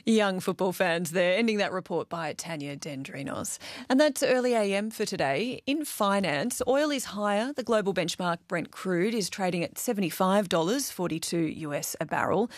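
A woman's voice: medium pitch, no room sound, studio quality. Woman reading radio news. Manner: smooth, measured delivery. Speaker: news presenter.

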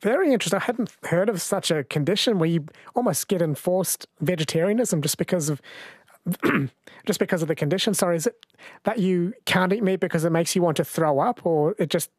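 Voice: mid-range voice, a little fast, husky. An interview host with a mid-range voice asks curious follow-up questions and steers to the next topic. The recording is dry, with no room echo. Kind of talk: conversational interview.

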